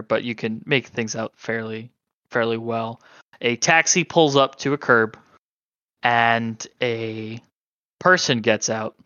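A man runs a tabletop horror game at an unhurried pace, pausing often and filling the gaps with ums. His voice is bright and smooth but sounds a little dull and lo-fi, in a dry room. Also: mid-range voice, dry recording. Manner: halting, hesitant narration with many fillers. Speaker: game master.

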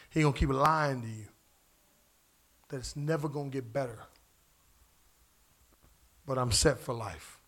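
A pastor preaching a sermon in church, casual and slangy, asking the congregation questions as he goes. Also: a little high. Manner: call-and-response preaching, asks the crowd questions.

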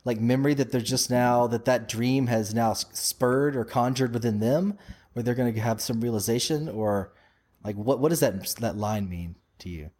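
A man with a husky voice co-hosts a casual podcast and talks bluntly and excitably. He fires off questions and swears now and then in a loose, conversational way. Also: mid-range voice, moderate pace. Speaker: podcast co-host. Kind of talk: casual TV-show discussion.

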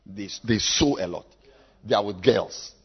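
A man preaching a sermon to his congregation, emphatic and repetitive, with sudden loud bursts. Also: on the low side, measured pace, breathy edge. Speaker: pastor. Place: church. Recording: echoey church hall, dull lo-fi sound.

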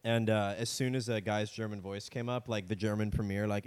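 A man's voice: lowish voice, brisk, few pauses, darkish tone, clear, resonant tone. A man co-hosting a casual comedy history podcast, joking around and slipping into silly voices. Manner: jokey, slips into silly put-on voices. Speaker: podcast co-host. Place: home studio with a cat.

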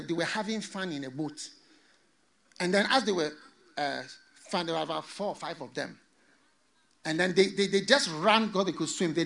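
A man's voice: sits high, vocal fry, fairly bright tone. A man preaching a sermon, telling a story dramatically with joking asides.

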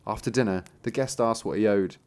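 A man's voice: on the low side, a little fast, darkish tone. A man reading a fairy tale aloud in a casual, joking way, putting on voices for the characters and laughing often.

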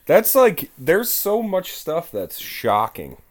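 A young man co-hosting a podcast, chatting in a wry, animated way with dry jokes. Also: fairly high pitch, slow. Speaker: podcast co-host. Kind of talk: casual chat.

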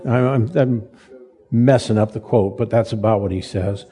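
An older man preaching a sermon in a folksy, halting way, with frequent restarts and self-deprecating humor. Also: fairly low pitch, mellow. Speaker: pastor. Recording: reverberant hall.

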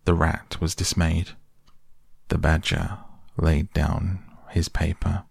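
A man reading a classic animal storybook aloud in a measured way. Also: rumbling low, little pitch movement, creaky, husky, no room sound, studio quality. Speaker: narrator.

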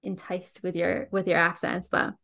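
A woman's voice: lowish voice, level tone, moderate pace, vocal fry, a bit bright. A woman hosting her podcast, enthusiastic and chatty as she introduces and questions her guest. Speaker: podcast host. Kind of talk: casual podcast interview.

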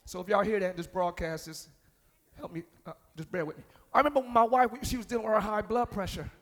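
A man preaching a live sermon in church, shouting some lines and dropping low on others. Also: steady tone, fast. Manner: preaching with shouts and sudden drops to near-whispers. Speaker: pastor. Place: church sanctuary. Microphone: handheld or stage mic.

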